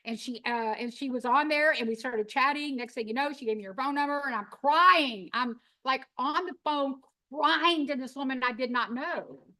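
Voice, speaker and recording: A middle-aged woman, telling her story in an animated, folksy, emphatic way. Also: high voice, moderate pace, hardly any pauses. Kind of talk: storytelling talk.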